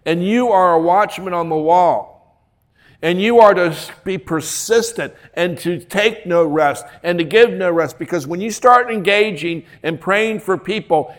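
Folksy preacher man, fairly high voice. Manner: folksy, joking asides, emphatic repetition. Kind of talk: sermon.

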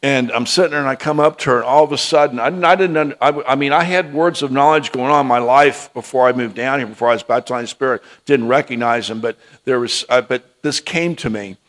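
Male preacher, mid-pitched, halting storyteller who restarts his sentences and tags his lines with "okay?". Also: fairly bright tone. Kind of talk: testimony and prophetic ministry.

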